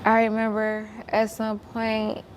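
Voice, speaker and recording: A woman's voice: a little high, completely flat delivery, takes it slowly, a little hiss or hum. A woman telling a story as a guest. She speaks bluntly and emphatically, swears a lot, and repeats herself when worked up.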